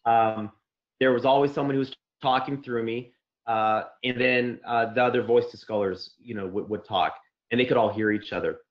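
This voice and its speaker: As an interview guest, a man gives a long personal account in a rambling, casual way, full of fillers and restarts, and the location is the Santa Clara area. His medium-pitched voice is fairly even in intonation at a moderate pace, and the lo-fi audio sounds dull.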